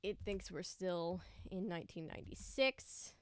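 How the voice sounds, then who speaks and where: Chatty woman streamer with smooth voice. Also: lowish voice, animated, a little slow. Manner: chatty, greets chat viewers by name. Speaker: livestream host. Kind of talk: casual livestream chat.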